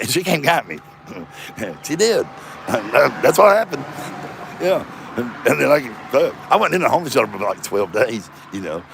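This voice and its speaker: A man's voice: mid-range voice, sing-song, moderate pace, gravelly, a bit bright. 50s guy rambling and cussing at the camera in his front yard, jumpy up and down voice, cars going by faintly. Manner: rambling, profane, self-mocking. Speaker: comedian vlogger. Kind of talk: rambling solo vlog. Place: front yard by a road, outdoors. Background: passing traffic.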